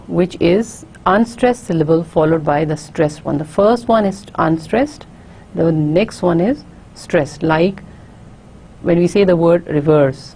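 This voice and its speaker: A woman giving a recorded university lecture, explaining carefully and often pausing on fillers and restarts. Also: fairly low pitch, mellow, a little hiss or hum.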